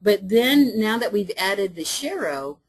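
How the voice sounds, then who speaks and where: Husky-voiced woman giving a conference talk. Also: mid-range voice, very animated, measured pace, poor audio. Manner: conversational, with fillers and asides. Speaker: state transportation official presenting. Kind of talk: conference presentation.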